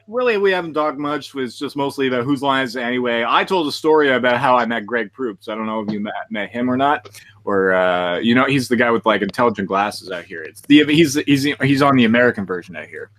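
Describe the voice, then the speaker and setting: A man's voice: medium pitch, expressive, brisk, fairly bright tone, no echo. A man hosting a podcast in casual chat, rambling and laughing often. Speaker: podcast host.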